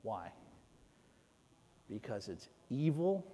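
A male pastor giving a conversational sermon, swinging between loud emphasis and soft asides. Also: medium pitch, very animated, takes it slowly. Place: church. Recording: long reverb of a church hall.

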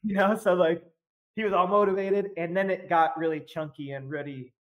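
A man's voice: high voice, steady tone, moderate pace. A man on a podcast as a guest, telling a story in casual chat, full of fillers and breaking into laughs often.

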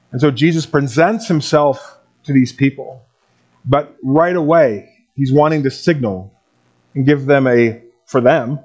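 A man pastor reading a Bible passage aloud and then preaching in a relaxed, conversational way to his congregation. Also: medium pitch, husky, muffled recording. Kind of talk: sermon.

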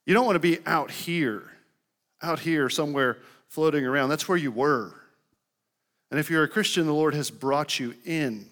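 A man's voice: fairly high pitch, normal speed, fairly bright tone. A young man preaching a sermon in a loose, conversational way, often saying "like". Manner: conversational, lots of "like" fillers. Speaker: pastor.

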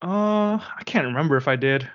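A man's voice: fairly high pitch, lively intonation, normal speed, muffled recording. Upbeat, teasing male podcast co-host. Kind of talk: casual chat.

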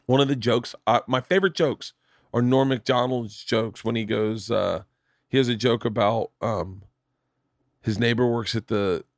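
A man hosting a podcast in casual chat, telling long jokes with lively voices and swearing freely. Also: mid-range voice, normal speed, dry recording, clean studio sound. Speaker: podcast host.

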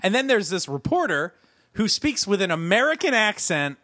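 Man, bright forceful voice, lively swooping pitch, casual movie chat, laughs a lot. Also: moderate pace, no echo, studio quality. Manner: animated, laughing, full of "like". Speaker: podcast co-host.

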